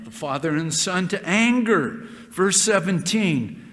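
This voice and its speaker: In a church hall, a man with a high, lively voice preaches a sermon, repeating phrases and pressing hard on key words. His delivery is slow, and a long hall reverb makes the sound ring.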